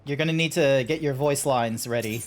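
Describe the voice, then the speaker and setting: A man streaming a game and chatting with friends in easygoing, rambling talk. He swears casually and laughs easily, and his voice sits at an ordinary middle pitch. Faint music plays underneath. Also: a little fast. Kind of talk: casual chat while gaming.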